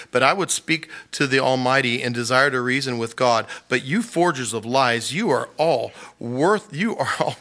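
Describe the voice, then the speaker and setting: Bright-voiced pastor preaching conversationally. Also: male voice, medium pitch. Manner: conversational, laughs often, acts out voices. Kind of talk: sermon teaching.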